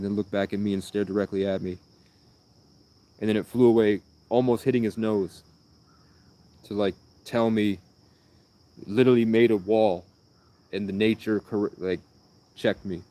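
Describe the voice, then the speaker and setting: Low mellow guy rambling thru his stories on a livestream, kinda flat, crickets outside. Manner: meandering, earnest, jumps between anecdotes. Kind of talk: rambling storytelling.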